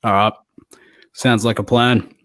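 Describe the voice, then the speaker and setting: A man's voice: lowish voice, flat delivery, unhurried, fairly bright tone, no room sound, studio quality. A man co-hosting a casual podcast, laid-back and often laughing, with stop-start phrasing. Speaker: podcast co-host.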